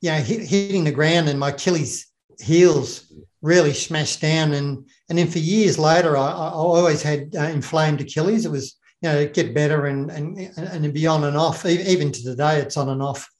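A former special operations officer chats casually in a slightly high voice with a darkish tone, at a normal pace. He rambles, repeats words, and laughs a lot, and the recording has a roomy echo.

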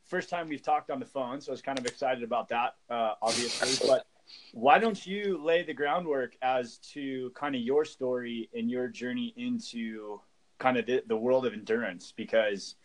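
A man's voice: mid-range voice, normal speed, slight background noise, rough recording. A man hosting a casual podcast, rambling with lots of fillers and jokes. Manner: rambling, filler-heavy, joking. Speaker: podcast host.

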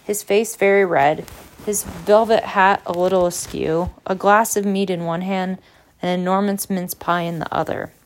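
A woman narrating a novel aloud, lively, with small slips and restarts. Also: lowish voice, moderate pace. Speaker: audiobook reader. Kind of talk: storybook narration.

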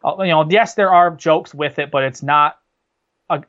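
A man's voice: on the high side, normal speed, fairly bright tone, muffled recording. A man co-hosting a casual movie discussion, talking enthusiastically and rambling with restarts. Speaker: podcast co-host.

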